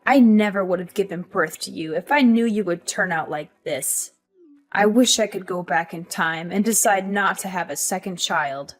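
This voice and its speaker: A woman with a lowish voice close to her everyday speech, at a moderate pace, plays a cold, scornful middle-aged mother in an animated story. Her character talks in a cutting, dismissive way.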